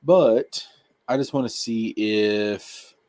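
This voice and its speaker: A man hosting a casual live-stream anime review, talking excitably in slang and repeating his points. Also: lowish voice, takes it slowly.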